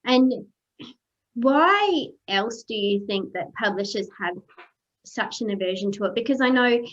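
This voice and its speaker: A woman's voice: a little high, lively intonation, measured pace. A woman hosting a casual interview and asking probing questions. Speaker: podcast host. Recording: dull lo-fi sound.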